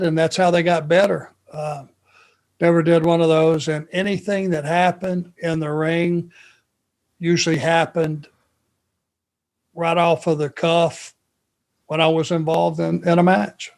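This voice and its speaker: A man spins a story on a podcast at a leisurely, stretched-out pace. His voice sits a touch higher than most men's. He lets each detail hang before moving on. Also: level tone. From Georgia, USA. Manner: unhurried, drawn-out anecdotal telling. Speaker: podcast co-host. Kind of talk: casual storytelling chat.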